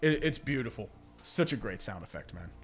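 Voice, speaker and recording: Faint music plays behind a stuffy-nosed man hosting a live stream in a lowish voice that swings widely in pitch. He talks briskly and ramblingly, reading viewers' chat questions aloud and occasionally cursing.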